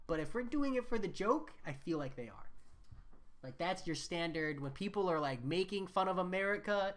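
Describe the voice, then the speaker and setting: A young woman with a notably low voice, chatting casually while she streams a game. She laughs easily and reads viewers' comments out loud. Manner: chatty, laughs often, reads chat aloud. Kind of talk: casual live-stream chat.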